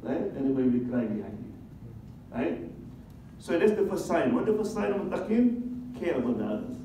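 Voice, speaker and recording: A man's voice: on the high side, very animated, a little fast, dark tone, slight background noise. A man, giving a religious talk as an imam, asking the audience questions and acting out little scenes. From Indonesia. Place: large conference hall. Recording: echoey, dull sound from a distant mic.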